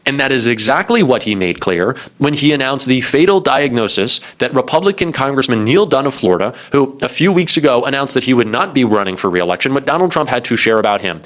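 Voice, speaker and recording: A man's voice: medium pitch, a bit bright. A man giving sarcastic, mocking and profane political commentary.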